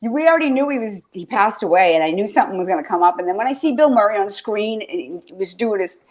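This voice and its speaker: A woman's voice: medium pitch, expressive, quick pace, a little mellow. A woman hosting a casual podcast chat, rambling through stories, swearing freely and getting emotional. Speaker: podcast host.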